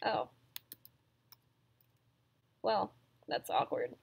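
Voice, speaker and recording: High-voiced playful woman gamer. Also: very animated, slow, gravelly, pauses often, a bit bright. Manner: playful, mock cooking-show host voice; giggly and self-mocking. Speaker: gaming YouTuber. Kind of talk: casual gameplay commentary.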